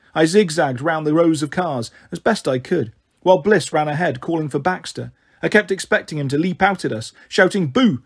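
Husky, high-voiced man reading a story. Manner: steady first-person reading. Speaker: storybook reader. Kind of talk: storybook narration.

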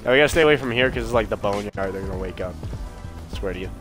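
Man, game streamer, casual commentary, swears a lot, excitable, music in the background. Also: on the low side, very fast. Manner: excitable, swears, jokey asides to viewers.

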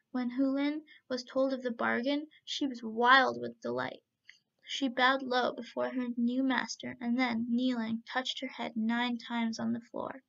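A woman storyteller reads a folk tale aloud with a high voice and a gravelly edge. The narration is steady, carried on a muffled lo-fi podcast recording. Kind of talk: storybook reading.

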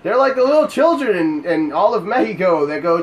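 A man doing casual let's play commentary, full of swearing and excitable outbursts. His voice sits a little high and swings widely between loud yelps and low mutters. A faint hiss of noise sits under the recording. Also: brisk. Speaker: gameplay commentator.

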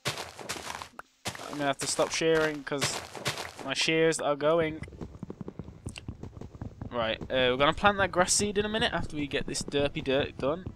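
A gaming YouTuber, a young man, gives casual commentary on the game he's playing, chatty and poking fun at himself while humming and muttering along. His voice sits on the high side and moves unhurriedly, with long pauses. Music plays behind him, and there's background noise.

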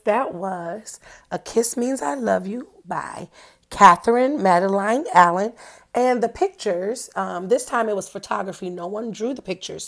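A woman's voice: medium pitch, gravelly. A woman reading a picture book aloud to young children in a playful way, asking them questions as she goes. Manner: playful, addresses young listeners directly with questions. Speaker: children's storyteller.

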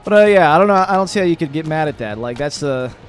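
A young man with a fairly high voice talks through a game he keeps failing, grumbling, cursing and now and then yelling. His voice has gone a little phlegmy. Faint music runs underneath. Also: lively intonation, fast talker. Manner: frustrated, swearing, bursts of yelling and laughing. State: slightly phlegmy voice. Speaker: gaming video host. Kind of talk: casual let's-play commentary.

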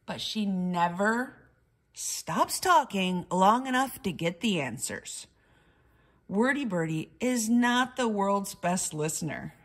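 A woman's voice: medium pitch, lively intonation, fairly bright tone. A woman teacher reading a picture book aloud to children, explaining as she goes and asking them questions. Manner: slow, explaining, asks the class questions.

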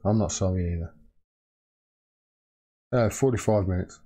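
A man's voice: low-pitched, a little slow, warm tone. A man giving an angry, profane livestream rant as a political video commentator, heated and emphatic.

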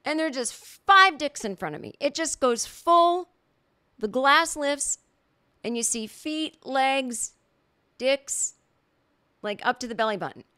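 Animated woman telling a comic story. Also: high voice, slow, long pauses, clear, resonant tone. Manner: animated storytelling, acts out quoted reactions. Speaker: podcast host. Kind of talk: casual comedic monologue.

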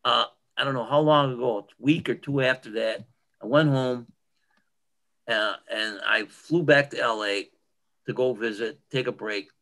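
An older man chats as a podcast guest, his voice bright and forward. His storytelling is animated and emphatic, and he often repeats a line to drive it home. His pitch sits right in the middle for a man. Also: measured pace, poor audio. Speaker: guest, retired bodybuilder. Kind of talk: casual interview storytelling. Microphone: podcast microphone.

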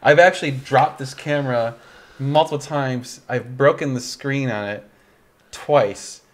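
A man's voice: mid-range voice, unhurried. A young man hosting a casual livestream chat, tired and yawning, rambling and laughing often. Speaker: livestream host.

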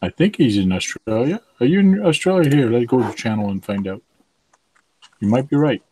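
A man's voice: mid-range voice, animated, fairly quick, a little mellow, slight background noise, rough recording. A man whose first language is French, hosting a casual live stream and reading viewer comments aloud with many fillers. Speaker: livestream host.

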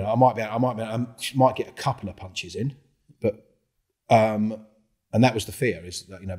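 As a podcast guest, this middle-aged man has a deep, husky voice. He recounts a story in a loose, animated way, acting out the dialogue and swearing freely.

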